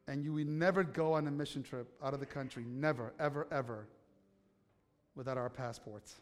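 A man's voice: medium pitch, moderate pace. A man preaching a sermon as pastor, telling stories conversationally and putting questions to the congregation. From United States. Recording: long hall reverb.

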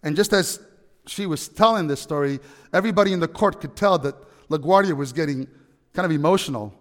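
A man preaching a sermon, telling a story with animated, emphatic peaks. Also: on the high side, brisk, big-room sound. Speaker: pastor.

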